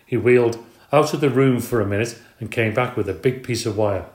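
A man reading a children's book aloud in a steady, expressive way. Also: medium pitch, brisk. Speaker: storyteller. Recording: roomy echo.

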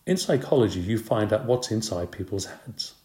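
A breezy, sly young woman babysitter, as a man puts her on in a storybook reading. She sounds raised in pitch and teasing, clever and unhurried. The voice rings in an echoey room. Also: lively intonation, mellow, lightly acted.

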